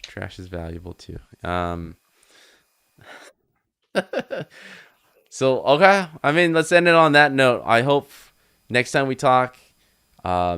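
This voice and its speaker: Man, podcast co-host, blunt ranting, smooth resonant voice. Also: lowish voice, expressive, unhurried, long pauses, fairly bright tone. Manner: blunt, ranting, laughs between points. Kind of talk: casual roundtable chat.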